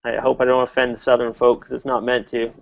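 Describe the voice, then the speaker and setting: A man's voice: medium pitch, completely flat delivery, fast talker, vocal fry, highs cut off. A man hosting a casual motorcycle chat, talking in a rambling way with lots of fillers and restarts.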